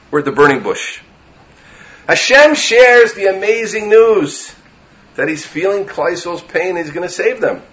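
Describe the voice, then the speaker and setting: Animated man teaching a Torah class. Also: on the high side. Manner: animated, asks rhetorical questions, mixes in Hebrew verses. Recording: dull lo-fi recording.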